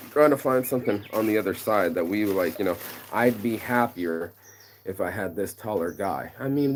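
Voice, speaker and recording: A man's voice: lowish voice, a little mellow, slight background noise. A man ranting in a casual outdoor vlog, rambling and slangy, telling a story with lots of energy. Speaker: vlogger. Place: outdoors among trees.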